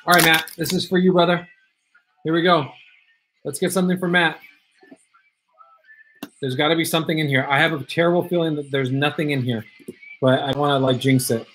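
Casual male streamer, slightly high voice, loose and repetitive, reads chat aloud. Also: fairly even intonation, fairly quick, long pauses, a bit bright, husky. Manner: chatty, reads viewer comments aloud, repeats himself. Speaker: livestream host opening card packs.

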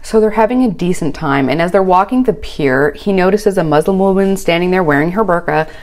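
A woman's voice: on the low side, brisk, darkish tone. A woman hosting a reaction channel, recapping a reality show with sarcastic, exasperated commentary.

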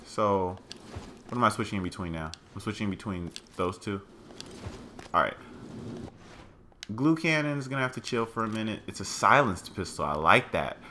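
A man's voice: lowish voice, animated, normal speed, long pauses, sharp tone, a little hiss or hum. A man giving let's play commentary, thinking aloud to his viewers as "guys" and crying out in alarm at what he finds. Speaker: gaming channel host.

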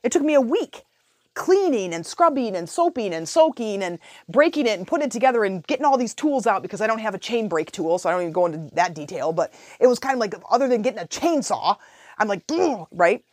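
A woman hosting a podcast, telling a personal story in a casual, animated way. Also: mid-range voice, fast, no room sound, clean studio sound. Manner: animated, chatty, retells her own thoughts aloud. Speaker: podcast host.

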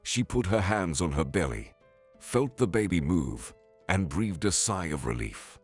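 A man narrating a scripted story in an even, measured way. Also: low voice, breathy edge, soft background music.

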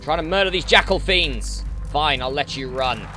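A man's voice: fairly high pitch, moderate pace, over music. A man casually commenting on his gameplay in a chatty, playful way, talking at enemies as he goes, recorded on a desktop mic at home. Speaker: gaming channel host. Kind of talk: let's play commentary. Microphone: desktop mic with noise suppression.

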